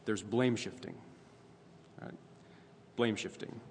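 A man's voice: lowish voice, takes it slowly, creaky. A man preaching a sermon in a conversational way, often checking in with "right?" as he goes. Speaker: pastor. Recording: long reverb, faint ambient noise.

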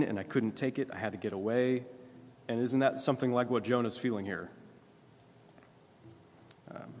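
A man preaching a sermon in a conversational way, often asking "right?" and clearing his throat. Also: medium pitch. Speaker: pastor. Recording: long hall reverb.

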